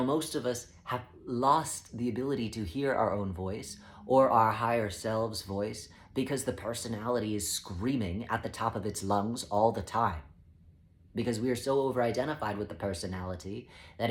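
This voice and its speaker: Man, calm measured spiritual teacher, even mid-range voice. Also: mid-range voice. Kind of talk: spoken teaching talk.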